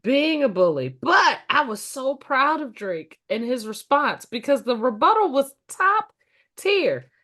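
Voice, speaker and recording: A woman co-host talks at an unhurried pace in a bright, sharp tone. Her pitch sits somewhat high and moves a lot as she exclaims and retells her reactions. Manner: expressive, hollers and exclaims while retelling reactions. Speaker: podcast co-host. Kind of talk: casual chat.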